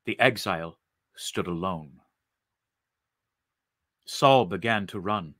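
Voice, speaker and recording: A man reading a story aloud in an expressive, deliberate way. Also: low voice, dry recording, studio quality.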